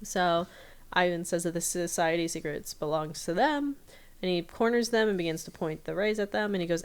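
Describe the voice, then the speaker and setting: Woman, podcast host, casual recap, chatty, smooth voice, lowish pitch. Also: moderate pace. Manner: chatty storytelling with fillers.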